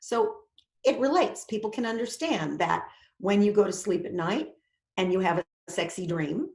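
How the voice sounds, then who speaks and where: A woman acting teacher giving a lecture, animated and acting out the inner voices she quotes. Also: medium pitch, normal speed, vocal fry. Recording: echoey room.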